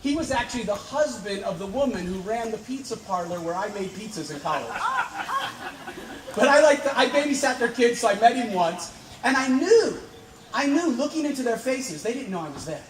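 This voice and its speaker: A man telling a personal dream story to an audience outdoors, building vivid excitement and sometimes breaking into laughter. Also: extremely high pitch, fairly quick. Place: outdoors on a hill. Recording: distant, echoey outdoor recording with background noise.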